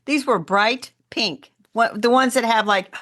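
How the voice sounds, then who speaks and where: A woman from Indiana co-hosting a casual gardening podcast, telling stories in a chatty, animated way. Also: fairly high pitch, measured pace. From Indiana, USA. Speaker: podcast co-host.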